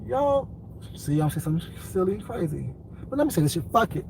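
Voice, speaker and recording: High-pitched man ranting into the camera. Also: big pitch swings, fairly quick, vocal fry, noisy background. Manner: profane, repetitive, confrontational. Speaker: commentary vlogger. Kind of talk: ranting commentary vlog.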